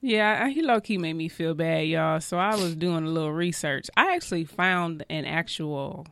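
A woman's voice: low voice, moderate pace, slight background noise. A woman from California co-hosting a casual chat, rambling and poking fun at herself. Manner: chatty, self-deprecating, rambling. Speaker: co-host.

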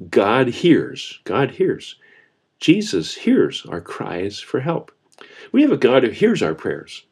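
A man's voice: medium pitch, gravelly, darkish tone, slightly rough. A man preaching a sermon as a pastor, earnest and repeating key phrases for emphasis.

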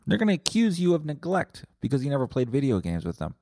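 A man's voice: medium pitch, wildly swooping pitch, fast talker, warm tone, no echo, studio quality. A man hosting a comedy podcast, rambling from tangent to tangent with plenty of swearing. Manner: rambling, profane, tangent-hopping. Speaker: podcast host.

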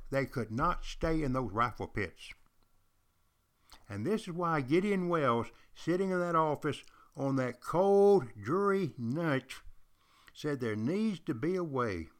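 An older man, a retired teacher, hosting a podcast and telling history in an emphatic, repetitive way, speaking straight to his listeners. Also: a little high. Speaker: podcast host. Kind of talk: storytelling history lecture.

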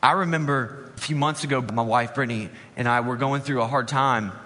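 A man preaching a sermon as a pastor, conversational, slowing with dramatic pauses on key words. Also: mid-range voice, sharp tone. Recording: long reverb in a large hall.

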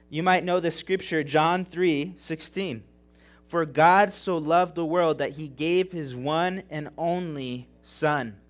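A young man preaching a sermon as pastor, earnest and emotional, repeating phrases and asking rhetorical questions. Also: fairly high pitch. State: tearing up.

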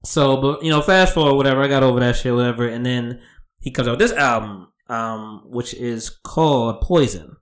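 A man co-hosting a podcast in casual chat, animated and profane, often acting out quotes. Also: medium pitch, normal speed. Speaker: podcast co-host.

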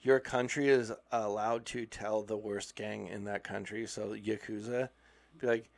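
A man's voice: lowish voice, unhurried, creaky. Man telling a story in casual chat. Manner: animated storytelling, acting out quoted voices.

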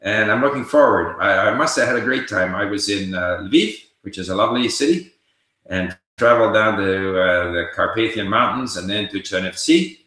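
Older male host answering viewer questions live; forceful, bright tone. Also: on the low side, normal speed. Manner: reads viewer questions aloud and answers conversationally. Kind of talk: casual livestream Q&A. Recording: very echoey room.

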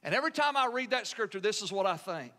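A man's voice: high-pitched, lively intonation, quick pace, sharp tone. A male pastor preaching a sermon in an earnest, emphatic way, often asking the congregation questions.

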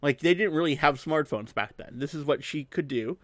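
A man's voice: on the high side, fairly bright tone, dry recording, clean studio sound. A man co-hosting a casual podcast, recapping a movie scene by scene with rambling, joking asides. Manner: rambling, jokey, quotes scenes in quick asides. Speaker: podcast co-host.

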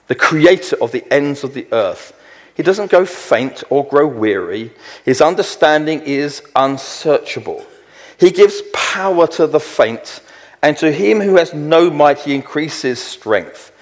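A middle-aged man preaching a sermon, slowing down to read scripture verses with weight and emphasis. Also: medium pitch, expressive. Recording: long hall reverb.

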